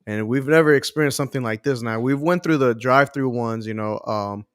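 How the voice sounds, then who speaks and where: A laid-back man chats casually with his co-host, talking in a relaxed, easy manner. His voice sits close to a dry microphone, with no echo in the room. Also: mid-range voice, fairly quick, smooth. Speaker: podcast co-host. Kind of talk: casual chat.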